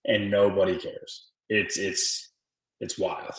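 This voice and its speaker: A man's voice: deep voice, flat delivery, takes it slowly, roomy sound, poor audio. A man co-hosting a podcast, chatting casually and rambling with lots of filler words. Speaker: podcast co-host. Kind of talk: casual chat.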